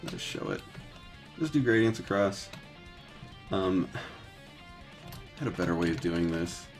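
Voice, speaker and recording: A man's voice: deep voice, lively intonation, a little slow, creaky, soft background music. A man in his thirties chatting casually while painting textures live, rambling with lots of filler words, swearing and laughing easily. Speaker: 3D artist streaming his texturing work.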